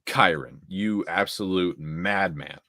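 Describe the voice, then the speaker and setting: A young man co-hosting a casual football talk show, rattling off stats and getting excited about big games. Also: sits low, slow, dry recording. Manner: excitable, stat-heavy, laughs often. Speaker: co-host. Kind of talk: casual sports chat.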